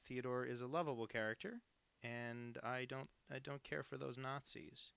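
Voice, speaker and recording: A man's voice: mid-range voice, fairly even intonation, moderate pace, creaky, a bit bright, smooth. A man chatting casually on a live drawing stream, rambling and self-deprecating with crude asides.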